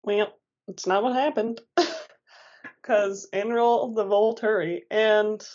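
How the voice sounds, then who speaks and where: A woman chatting casually about a book with a friend and reading passages aloud, animated and quick to laugh. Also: mid-range voice, highs cut off. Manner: chatty and animated, laughs often, says "like" a lot.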